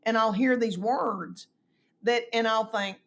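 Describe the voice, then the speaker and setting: A middle-aged woman, telling animated stories and acting out quoted voices in a casual chat. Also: on the high side, takes it slowly. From East Tennessee, US. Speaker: comedian guest.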